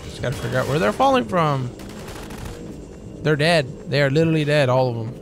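A man's voice: a little high, expressive, a little fast, creaky. A man giving casual, joking let's play commentary, swearing, laughing and playing mock-scared. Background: game music and gunfire.

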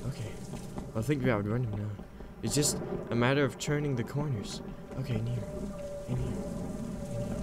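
A man's voice: medium pitch, moderate pace, heavy background noise. A man playing a horror game on camera, talking nervously to himself as he goes and swearing and screaming at the scares. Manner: nervous running self-talk. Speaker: gaming video host.

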